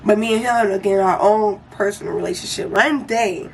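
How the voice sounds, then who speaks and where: A young woman casually telling a storytime vlog in an animated, slangy and profane way. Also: mid-range voice, fairly quick, slight background noise.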